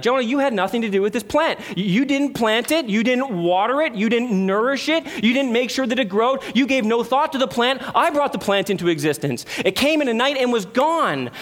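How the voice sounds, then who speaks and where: A man's voice: extremely high pitch, animated, a little fast, few pauses. A man preaching a sermon as pastor, emphatic, with rhetorical questions and repeated phrases.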